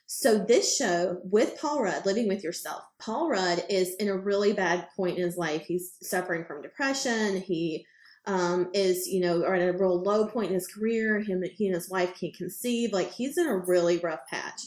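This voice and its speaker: A woman's voice: lowish voice, moderate pace, darkish tone. Chatty woman podcaster in an echoey room. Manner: rambling, chatty retelling with lots of "like" and casual swearing. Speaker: podcast co-host. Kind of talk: casual chat.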